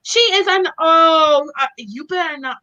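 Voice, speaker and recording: American woman cohosting, giggly, high bright voice, slow drawn out words. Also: dull audio. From United States. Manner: giggly, keeps breaking into laughter. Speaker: co-host. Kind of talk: casual chat.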